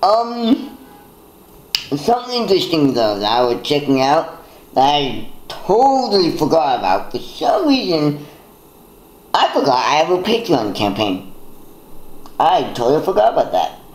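A young man vlogging in a loose, rambling way, laughing at his own tangents. His voice sits a touch high and swings up and down a lot, and he takes his time over his words. The room around him is echoey. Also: big pitch swings, a little slow, pauses often. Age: young adult. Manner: rambling, self-mocking, laughs at himself. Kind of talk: casual vlog monologue.

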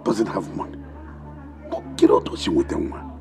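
A man's voice: deep voice, animated, moderate pace, gravelly, darkish tone. An actor playing a bossy Igbo father with a Nigerian Igbo accent, rambling and scolding as he switches between Igbo and English. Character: bossy blustering Igbo father, middle-aged man.

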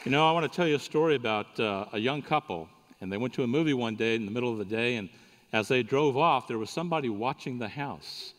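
A man's voice: mid-range voice, quick pace. A man giving a sermon at a conference, telling a folksy joking story to the audience. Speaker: conference speaker. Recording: reverberant hall recording.

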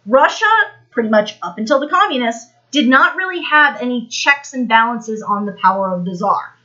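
A woman's voice: fairly high pitch, lively intonation, normal speed, sharp tone, dull audio. An American woman giving a casual, rambling history lesson on a live stream, full of fillers and restarts. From United States.

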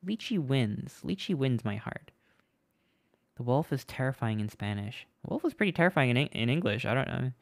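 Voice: medium pitch, very animated, normal speed, vocal fry, dry recording. A live streamer chatting casually with viewers at a home setup, in a playful, rambling way with lots of restarts.

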